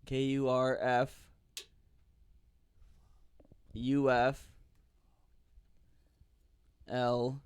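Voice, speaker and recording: A man on a casual podcast, slowly spelling a word letter by letter, halting and sometimes swearing. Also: medium pitch, completely flat delivery, clear, resonant tone, no room sound.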